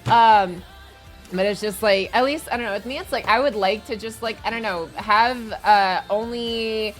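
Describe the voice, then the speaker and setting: A young adult woman streaming live, chatting casually in a rambling, excitable way and laughing often. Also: medium pitch, moderate pace, faint music behind.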